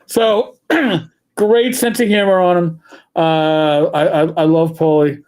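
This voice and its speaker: A man's voice: fairly high pitch, fairly even intonation, takes it slowly, darkish tone. A middle-aged man from New City, co-hosting a casual livestream chat, rambling and stammering through stories. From New York City. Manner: rambling storyteller, stammers and restarts, slips into put-on voices. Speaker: podcast co-host.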